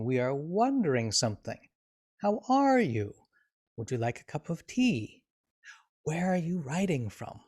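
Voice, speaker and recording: Man teaching grammar in a live session. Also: mid-range voice. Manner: explanatory, with many restarts and uh fillers; reads example sentences with expressive inflection. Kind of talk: live online Q&A lesson.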